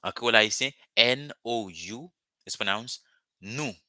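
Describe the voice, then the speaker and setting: A man's voice: mid-range voice, unhurried, bright, forceful tone, no room sound. A man, a Creole speaker, teaching a live online language lesson over a video call and patiently repeating words for drilling. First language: Haitian Creole.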